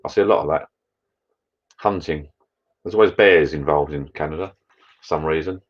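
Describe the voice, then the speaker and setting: A man's voice: rumbling low, normal speed, dull audio. A man rambling through a casual live-stream chat from his garden bar, talking to viewers in a matey way. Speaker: vlogger hosting a live chat.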